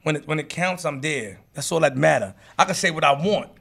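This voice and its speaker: A man from Queens hosting a podcast, loudly teasing his guests and repeating himself in heated banter. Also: fairly high pitch, expressive, brisk, vocal fry, slightly rough. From Queens, New York. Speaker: podcast host.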